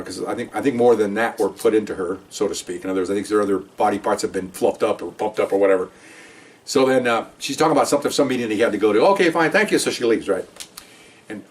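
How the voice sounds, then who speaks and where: A man in his sixties, a retired police detective, telling stories in a rambling, conversational way with many asides. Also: lowish voice. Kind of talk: casual storytelling. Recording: voice a bit distant from the mic.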